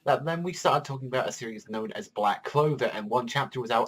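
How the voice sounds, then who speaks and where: A young man talks through a comic chapter in a loose, unscripted ramble. He swears freely, leans hard on "like" between thoughts, and sits at an ordinary middle pitch for a man. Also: fast, hardly any pauses. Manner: rambling, profane, heavy use of filler "like". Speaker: manga reviewer. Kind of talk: casual video review.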